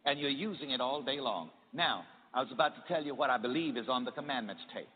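A man's voice: medium pitch, lively intonation, a little fast, few pauses, slightly rough, long reverb tail, phone-quality sound. A man preaching a sermon in call-and-response style, having the congregation repeat his lines.

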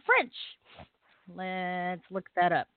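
A woman's voice: fairly low pitch, very animated, very slow, clear, resonant tone, no room sound. A woman from the Philippines co-hosting a casual talk radio show, giggling as she tries out holiday greetings. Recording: tinny phone-line sound.

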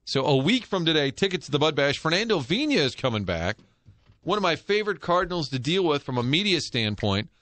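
A middle-aged man hosting sports talk radio from a studio, telling animated stories with quick jokes. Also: on the high side, no echo. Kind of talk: casual sports talk banter. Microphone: studio microphone.

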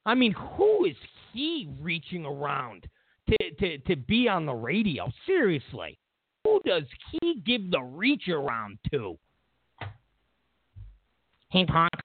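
Animated ranting man on a tinny line. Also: a little high, slow, husky, dry recording. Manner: animated, incredulous, repeats himself. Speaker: host. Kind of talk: political commentary rant. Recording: tinny phone-like dry sound.

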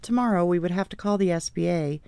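A woman's voice: fairly low pitch, fast, vocal fry, a little mellow, smooth, no room sound. A woman reading her own memoir audiobook, telling an earnest, faith-filled story.

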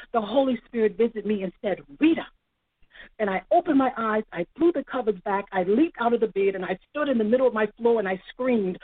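Middle-aged woman, husky and preacherly, dry tinny call-in line. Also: mid-range voice, dry recording. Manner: preacherly, repeats phrases for emphasis. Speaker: author guest. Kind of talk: emotional personal testimony. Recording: tinny phone-line sound.

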